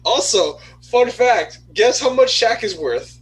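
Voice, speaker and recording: A man's voice: very high voice, expressive, slow pace, rough recording. A young man co-hosting a casual movie review podcast, easygoing and hesitant, with many fillers. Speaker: podcast co-host.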